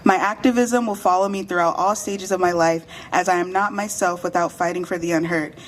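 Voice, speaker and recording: A woman's voice: fairly low pitch, fairly even intonation, brisk, a little hiss or hum, rough recording. A graduating teenage girl gives an earnest, impassioned prepared speech at a school awards dinner, her voice a little shaky from the cold. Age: late teens. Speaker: graduating student speaker. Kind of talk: prepared speech read aloud.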